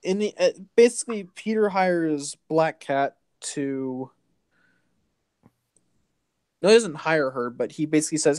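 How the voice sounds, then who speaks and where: A man hosting a casual comic book recap, rambling along with halting restarts and fillers. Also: fairly high pitch, darkish tone, clean tone, no room sound, studio quality. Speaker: host.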